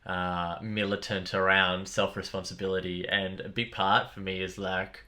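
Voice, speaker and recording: A man co-hosting a podcast, telling stories in a blunt, animated way, swearing freely. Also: deep voice, normal speed. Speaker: podcast co-host. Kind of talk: casual chat.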